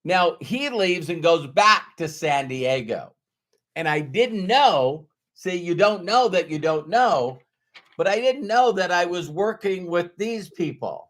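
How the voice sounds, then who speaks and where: A man giving a motivational business training talk, telling stories and asking rhetorical questions with slow, stressed words. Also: sits high, animated, a bit bright.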